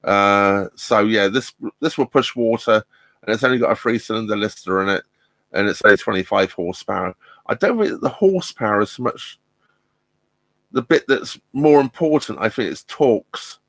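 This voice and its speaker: A man's voice: lowish voice, normal speed, a bit bright, dry recording. A middle-aged man chatting casually on a live stream from inside his narrowboat, hesitant and full of ums and restarts. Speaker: vlogger hosting a live stream. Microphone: laptop mic.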